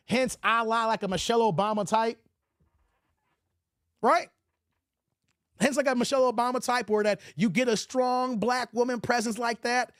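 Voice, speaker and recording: A man with a high voice hosts a casual livestream and talks through a movie in an animated, slangy way. He is recorded dry and close on a desk mic. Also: dry recording. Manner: animated, slangy, laughs often. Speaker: livestream host.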